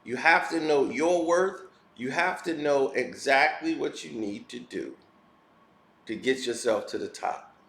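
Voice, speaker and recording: A man's voice: medium pitch, unhurried, vocal fry, a bit bright. A man giving a blunt, heated and preachy opinion rant as a commentary vlogger. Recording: roomy echo.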